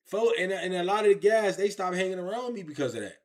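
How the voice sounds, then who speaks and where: A man telling his own story in an interview, animated and repetitive, with heavy street slang. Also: sits high, quick pace. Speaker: interview guest.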